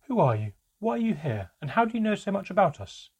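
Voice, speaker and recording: A man's voice: sits high, big pitch swings, quick pace, breathy edge, pitched above the performer's own voice, full character voice. Man doing an urgent goblin mother. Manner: urgent, rising questions. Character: anxious goblin mother, demanding answers.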